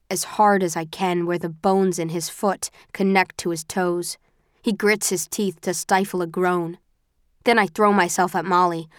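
Audiobook narrator, woman, level and unhurried, very dry recording. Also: lowish voice, no room sound. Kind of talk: scripted first-person narration.

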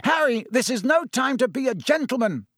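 A man's voice: very high voice, expressive, moderate pace, a bit bright, no room sound, voice pushed up, full character voice. A bossy young male team captain roaring urgent commands, as a man puts him on in a storybook reading. His voice climbs well above a plain man's voice. The recording is dry and close.

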